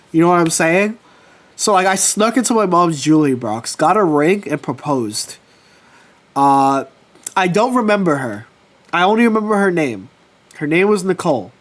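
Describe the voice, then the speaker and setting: A man chatting casually with his livestream viewers, telling personal stories with lively swearing. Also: sits high. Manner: animated storytelling, swears casually. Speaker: streamer.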